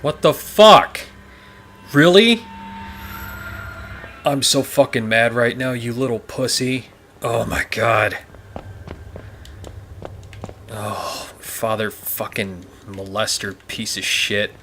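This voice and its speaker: Lowish dude doing let's play commentary, slow, sarcastic, swears a lot, clicks audible. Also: male voice, level tone, a bit bright, slight background noise. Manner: profane, sarcastic and blunt. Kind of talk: gameplay commentary.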